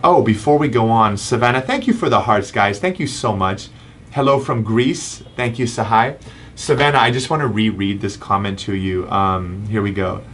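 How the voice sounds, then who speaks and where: In a casual live Q&A, a male chiropractor in his thirties works through viewer comments, often filling gaps with "um." His voice is on the low side, and there's slight noise in the background.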